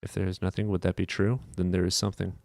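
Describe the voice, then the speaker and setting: A man streamer in casual livestream chat, reading and answering chat questions in a rapid, profane, offhand way. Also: low voice, little pitch movement, vocal fry, a little mellow, no echo, studio quality.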